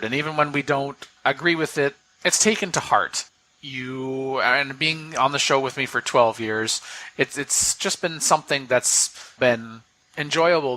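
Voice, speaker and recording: A man hosting a podcast talks in an earnest, rambling way with bits of playful teasing. His voice is bright and forward, sitting at an ordinary middle pitch. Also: no room sound. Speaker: podcast host. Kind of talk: casual chat, heartfelt farewell tribute.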